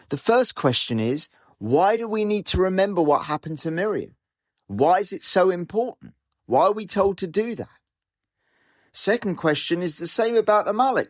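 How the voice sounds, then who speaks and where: Torah teacher guy, animated, asks lots of questions, voice on the high side. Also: no room sound, clean studio sound. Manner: animated storyteller, poses questions. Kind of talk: Torah class talk.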